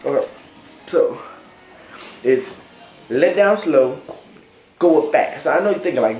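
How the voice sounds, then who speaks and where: A man's voice: a little high, expressive, slow pace, long pauses, a little mellow, faint music behind. A young man casually telling a story to camera, rambling, with lots of fillers and "right?" tags. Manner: rambling, filler-heavy, says "right?" often. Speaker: vlogger. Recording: echoey room.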